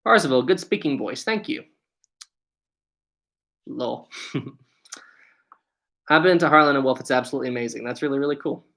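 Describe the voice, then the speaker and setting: A young man with a West Virginian accent chats easily on a live stream, reading questions from his viewers aloud. His voice is bright and open, and he keeps saying things are "really, really" cool. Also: medium pitch, normal speed, vocal fry, pauses often. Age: 20s. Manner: friendly, repeats "really, really". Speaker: channel host.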